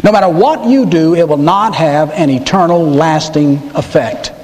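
A man's voice: fairly high pitch, moderate pace, a little mellow, big-room sound. A man preaching a sermon as pastor, emphatic and repeating key words for stress.

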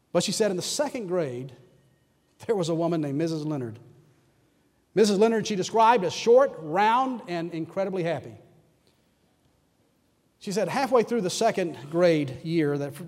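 A man with a fairly high voice preaches a sermon, earnest as he tells a story and quieter as he leads a prayer. His words ring out with a long reverb through a large church hall. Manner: earnest storytelling, dropping to a soft hush for prayer. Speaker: pastor.

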